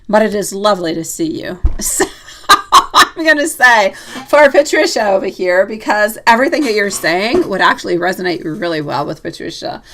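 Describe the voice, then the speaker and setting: A woman's voice: medium pitch, a bit bright. A woman hosting a live tarot reading stream, chatting casually with viewers, teasing and laughing often.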